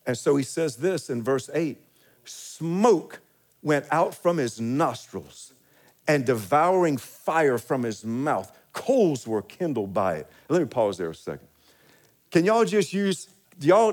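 A male pastor preaching a sermon, laughing often and reading scripture slowly and deliberately. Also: fairly high pitch.

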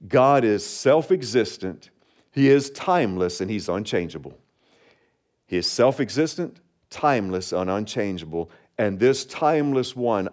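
A man preaching a sermon as pastor, measured and deliberate, slowing down on key phrases and leading the congregation in reading along. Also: lowish voice, a little mellow. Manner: leads congregation in responsive reading.

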